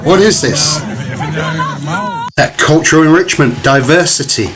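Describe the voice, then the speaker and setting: A man's voice: on the high side, measured pace, crowd noise, background noise. A man giving ranting, profane commentary as he reacts to video clips, with mocking laughs.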